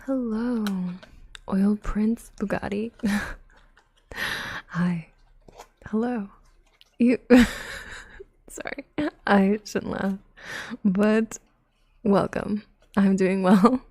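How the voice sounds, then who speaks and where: A young woman streaming tarot readings in a soft-spoken ASMR voice, slipping into whispers and giggling with chat, close on the mic. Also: medium pitch, fairly even intonation, slow pace, long pauses, husky, no echo.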